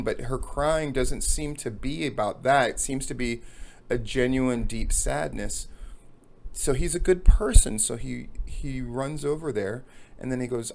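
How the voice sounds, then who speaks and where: A man hosting a talk, telling a long joke as an animated storyteller who acts out the characters. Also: mid-range voice, measured pace, creaky. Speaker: podcast host.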